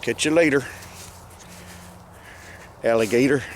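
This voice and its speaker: A farmer vlogger from Southern Maryland in the United States walks and talks in a pasture, speaking casually into a handheld camera. He's folksy and rambling with wry humor, his medium-pitched voice slow, with slight background noise.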